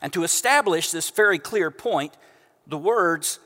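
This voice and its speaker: A pastor preaching a sermon from a church stage into a microphone, conversational and joking with the congregation. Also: male voice, fairly high pitch, expressive, measured pace, sharp tone. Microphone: stage microphone through house speakers. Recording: long church reverb.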